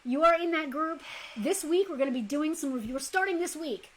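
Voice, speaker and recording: A woman's voice: high voice, expressive, fairly quick, a bit bright, rough recording. A woman co-hosting a toy shop's live stream, chatting casually and promoting the membership group. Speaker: co-host of a toy shop live show.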